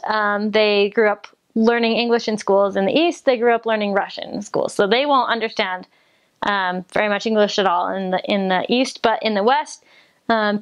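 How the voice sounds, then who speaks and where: Her voice is medium in pitch with a clean tone. She's a young woman from the US, a returned missionary, casually chatting about her mission with plenty of giggles and filler words.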